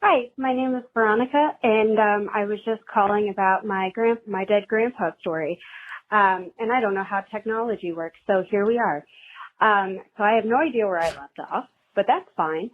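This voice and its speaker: Over a tinny phone line, a woman leaves a voicemail on a podcast hotline, nervously rambling through a personal story in a self-deprecating way. She speaks at a moderate pace in a mid-range voice.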